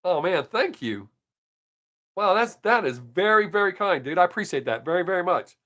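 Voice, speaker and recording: Blunt, swearing man with a higher voice. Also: animated, moderate pace, fairly bright tone. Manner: blunt, profane, chuckling. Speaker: live stream host. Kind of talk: casual storytelling chat.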